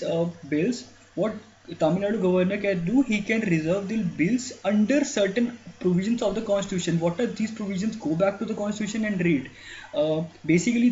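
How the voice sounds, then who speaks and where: High-voiced man teaching exam prep. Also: a little mellow. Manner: explanatory, many fillers and restarts. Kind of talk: lecture on a newspaper editorial. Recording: dull lo-fi sound with faint noise.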